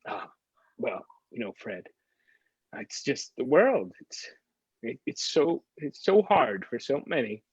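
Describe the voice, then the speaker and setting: A man voicing a gentle, grieving Jesus who speaks softly and apologetically. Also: medium pitch, big pitch swings, takes it slowly, breathy edge, no room sound, dull audio, exaggerated voice. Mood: sorrowful. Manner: soft, apologetic and tearful.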